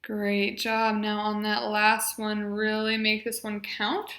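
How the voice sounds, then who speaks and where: A woman's voice: medium pitch, completely flat delivery, fairly bright tone. A woman leading a guided voice exercise class, giving encouraging step-by-step instructions and modelling sounds for her group to copy. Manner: encouraging, slow and clearly paced instructions. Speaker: speech therapy exercise leader. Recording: echoey room.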